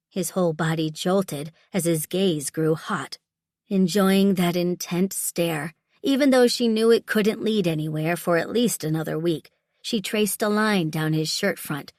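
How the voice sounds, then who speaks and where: A woman narrating a romance audiobook in a smooth, measured voice on a close studio microphone. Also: fairly low pitch, a little mellow, dry recording. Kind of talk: scripted narration.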